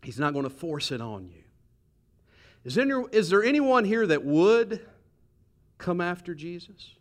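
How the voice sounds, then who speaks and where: Middle-aged pastor preaching in church, chatty and animated, kinda higher voice, swings up and down a lot. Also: male voice, a little slow, pauses often. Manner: animated, conversational preaching with humor and rhetorical questions. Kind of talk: sermon. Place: church sanctuary.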